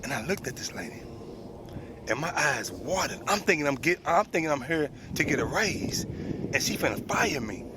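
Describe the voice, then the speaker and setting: A man's voice: fairly high pitch, sing-song, normal speed, noisy background. A man in his forties telling a personal story, plain spoken and full of street slang. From United States. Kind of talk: personal story told to an audience.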